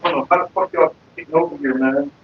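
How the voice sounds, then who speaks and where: A man from Florida streaming casually from his computer desk, cussing and ranting loudly. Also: a little high, fairly even intonation, fast talker, slight background noise. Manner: profane, cussing out bugs. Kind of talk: casual livestream rant. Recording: dull lo-fi stream audio.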